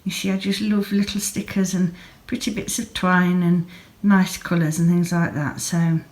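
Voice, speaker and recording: A woman's voice: lowish voice, level tone, moderate pace, a little mellow. A woman in her thirties chatting casually at home in a vlog, gushing over small pretty things and sounding sleepy. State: sleepy, yawning. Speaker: yarn dyer and vlogger. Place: home, craft room.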